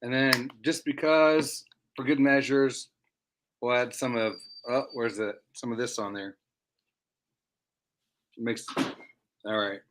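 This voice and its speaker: A man's voice: mid-range voice, fairly even intonation, slow, pauses often, a bit bright. A man hosting a casual livestream, rambling and repeating words as he talks. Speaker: livestream host.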